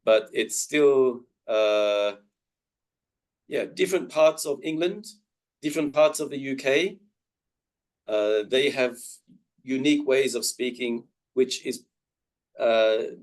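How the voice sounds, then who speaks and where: Australian man, unhurried webinar talk. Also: mid-range voice, low-quality recording. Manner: thoughtful, many pauses and restarts. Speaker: webinar guest speaker. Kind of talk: informal talk with audience questions.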